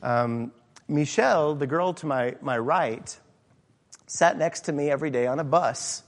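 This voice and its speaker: A man's voice: a little high, unhurried. Earnest preaching man in a reverberant hall. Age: middle-aged. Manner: earnest, with many fillers and restarts. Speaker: pastor. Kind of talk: sermon.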